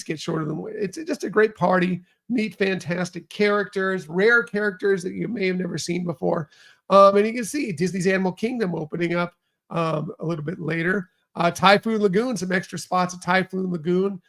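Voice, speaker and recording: Chatty guy hosting a podcast, upbeat and rambly, kinda high voice with some fry. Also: fairly bright tone. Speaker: podcast host. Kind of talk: casual chat.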